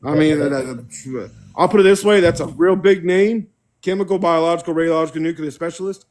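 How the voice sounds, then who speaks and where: A man's voice: a little high, brisk, a little mellow. A man telling profane army stories in casual chat with friends. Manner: profane storyteller, does voices of people he quotes. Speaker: podcast co-host.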